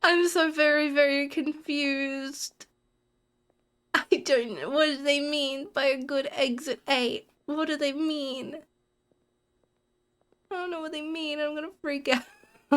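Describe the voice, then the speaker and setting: Speaking a little slowly with long pauses, a high-voiced woman streamer chats casually with her viewers while gaming, her intonation fairly even. She rambles, giggles and restarts sentences.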